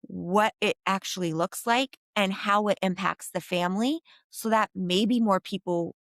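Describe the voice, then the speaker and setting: A woman geropsychologist answering interview questions in a thoughtful, animated way, with frequent fillers. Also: mid-range voice, measured pace, dry recording, clean studio sound. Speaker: geropsychologist guest.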